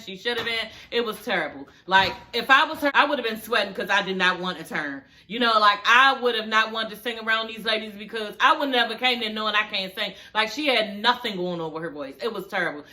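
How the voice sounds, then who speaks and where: A woman chatting casually to her viewers, sassy and blunt, cursing freely. Her voice sits a little high and rings bright and forceful. She sounds close to the mic in a home setting. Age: adult with a daughter. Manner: sassy, blunt, swears freely, sings snippets mockingly. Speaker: show reviewer. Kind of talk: casual reaction commentary.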